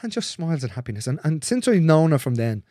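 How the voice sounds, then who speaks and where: A man speaking as a guest in a candid conversation, earnest and repetitive, swearing freely and dropping into soft, near-whispered phrases. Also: fairly high pitch, sing-song, quick pace, dry recording, studio quality.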